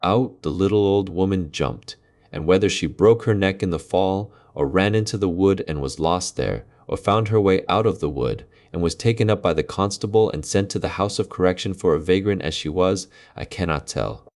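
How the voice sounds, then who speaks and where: A man reading a classic fairy tale aloud in a slow, measured way. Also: sits low, a little mellow. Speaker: storyteller.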